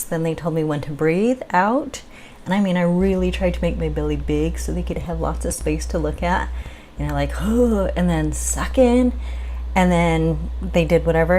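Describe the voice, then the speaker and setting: A woman's voice: on the low side, darkish tone, slight background noise. A woman vlogger telling a personal story in a chatty, upbeat way with the odd laugh. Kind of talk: casual chat.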